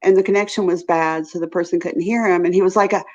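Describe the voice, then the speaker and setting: A woman's voice: on the low side, steady tone, fast, darkish tone. A woman with a Southern US accent hosting a casual live stream, chatty and laughing often. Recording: dull lo-fi stream audio.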